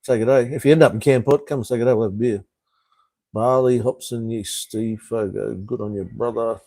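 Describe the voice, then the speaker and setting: A man's voice: medium pitch, fairly even intonation, moderate pace, mellow, no echo. A middle-aged Australian man hosting a casual live stream, chatting with viewers as mate and brother and swearing freely. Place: home in Cambodia.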